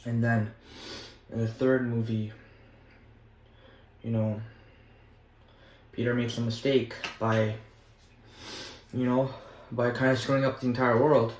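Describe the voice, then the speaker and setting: A young man in casual vlog chat, rambling eagerly from thought to thought and leaning on filler words. His voice sits at an ordinary middle pitch. The sound rings around an echoey room. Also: level tone, slow pace, pauses often, a little mellow, a little hiss or hum. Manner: rambling and enthusiastic, with many fillers. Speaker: vlogger.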